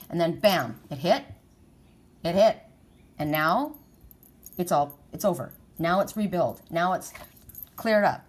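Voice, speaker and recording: A middle-aged woman giving a spiritual oracle card reading, talking in an emphatic, repetitive, encouraging way. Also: medium pitch.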